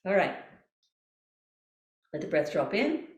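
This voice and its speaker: A woman voice coach calmly guiding a breathing exercise, repeating gentle cues. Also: on the low side, takes it slowly, dull audio. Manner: calm, coaxing, repeats cues. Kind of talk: guided breathing exercise instruction. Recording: echoey room.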